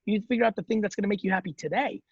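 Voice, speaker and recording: Blunt, profane man with a husky voice. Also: high-pitched, darkish tone, dry recording, lo-fi sound. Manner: blunt, fast, profane, emphatic. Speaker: show host giving business advice. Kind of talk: call-in advice show.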